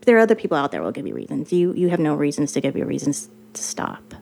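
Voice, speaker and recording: A woman's voice: low-pitched, huge pitch swings, fast, creaky, few pauses, darkish tone. A woman in her forties, a writer and guest, talking emphatically and repeating herself, with an occasional swear. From United States. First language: Mandarin. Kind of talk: casual interview talk.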